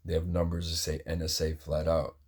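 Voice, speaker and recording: A man's voice: deep voice, monotone, fairly quick, a little mellow, slightly rough. A man talking in a casual, rambling monologue, agitated and heavy on profanity.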